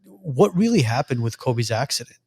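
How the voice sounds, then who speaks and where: A man's voice: mid-range voice, big pitch swings, moderate pace, darkish tone, breathy edge. A man co-hosting a podcast, asking casual, rambling questions with false starts. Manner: asks rambling questions with restarts.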